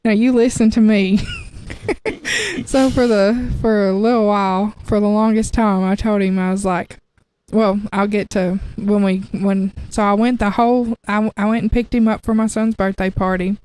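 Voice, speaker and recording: A woman sharing her testimony in an easygoing, chatty way. She laughs often and keeps restarting her sentences as she talks. Her voice sits at an ordinary middle pitch. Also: flat delivery, normal speed, a little mellow, smooth. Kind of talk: casual testimony storytelling.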